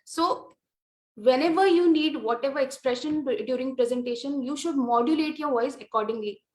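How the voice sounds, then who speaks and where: High-voiced woman lecturing in an echoey room. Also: darkish tone. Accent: Indian English. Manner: measured, explanatory with frequent fillers. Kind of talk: lecture on presentation skills.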